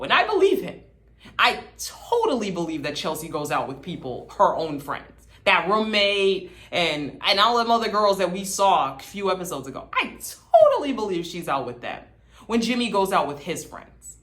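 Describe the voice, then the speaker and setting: A woman's voice: lowish voice, very animated, normal speed, fairly bright tone. A woman hosting a casual TV recap, talking in a sassy, gossipy, dramatic way. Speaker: host.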